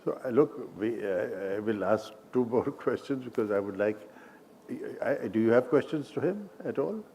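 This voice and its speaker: A man's voice: mid-range voice, lively intonation, moderate pace, mellow, slight background noise. A man with an Indian English accent, moderating a live on-stage interview in a large hall and asking the guest questions.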